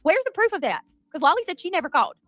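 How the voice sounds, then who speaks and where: A woman's voice: very high-pitched, big pitch swings, very fast, a bit bright, no room sound, soft background music, low-quality recording. A woman hosting a livestream, talking in a chatty, sassy way and thanking viewers by name. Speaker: livestream host. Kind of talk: casual livestream commentary.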